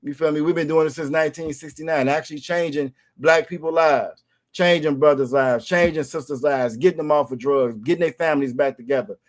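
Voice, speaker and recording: Male podcast host, high voice, forceful and repetitive delivery. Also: a little fast. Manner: emphatic, repeats phrases, asks "you feel me?". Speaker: show host. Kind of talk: casual podcast commentary.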